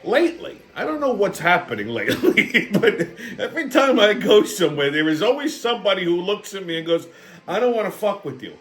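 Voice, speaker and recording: A man's voice: high voice, sing-song, fairly quick, a bit bright. A male host ranting on a comedic political show, brash, swaggering and full of swearing. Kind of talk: profane comedic political rant.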